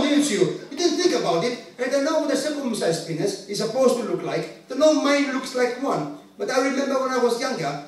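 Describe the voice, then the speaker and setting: A man in his late twenties doing a stand-up set from a club stage, with brash, profane, animated storytelling. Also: very high voice. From Greek family. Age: late 20s. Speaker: stand-up comedian. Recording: echoey venue heard from a distance. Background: audience laughter.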